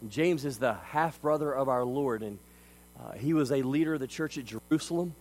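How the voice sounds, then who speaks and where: A man preaching a sermon as a pastor. He delivers it emphatically, swinging between quiet stretches and loud ones. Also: medium pitch, moderate pace, poor audio.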